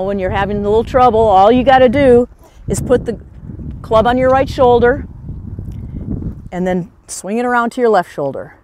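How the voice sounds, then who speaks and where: A woman's voice: a little high, darkish tone. A middle-aged woman golf pro telling personal stories at a teaching seminar, emotional and laughing often. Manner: emotional, laughs often, slow reflective pace. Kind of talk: personal anecdotal presentation. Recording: noisy outdoor recording.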